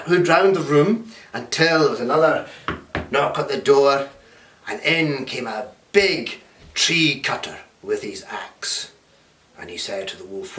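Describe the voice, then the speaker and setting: Animated man teaching storytelling. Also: mid-range voice, measured pace. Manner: animated, checks in with "okay?". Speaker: workshop teacher. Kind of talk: storytelling lesson. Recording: roomy, distant mic.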